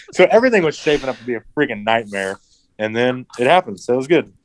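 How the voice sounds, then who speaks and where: Male guest, casual anecdote teller, animated, acts out dialogue, mid pitch, dry close sound. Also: quick pace, no echo, rough recording. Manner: animated, acts out quotes, swears freely. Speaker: interview guest, racing driver. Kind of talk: casual storytelling.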